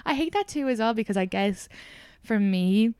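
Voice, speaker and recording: A young Irish woman hosting a casual chat podcast, animated, laughing often and swearing casually. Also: mid-range voice, normal speed, clear, resonant tone. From Ireland. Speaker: podcast host.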